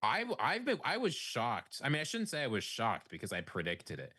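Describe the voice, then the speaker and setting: A man's voice: medium pitch, huge pitch swings, normal speed, bright, forceful tone, slightly rough. A man co-hosting a sports talk show, playfully needling his partner. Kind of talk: casual sports chat.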